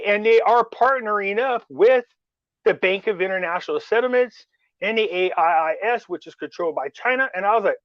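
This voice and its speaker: A man's voice: high-pitched, expressive, brisk, no echo, lo-fi sound. A man chatting casually as host, rambling through a story and acting out what others said. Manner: rambling storyteller, acts out quoted dialogue. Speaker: show host. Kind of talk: casual chat.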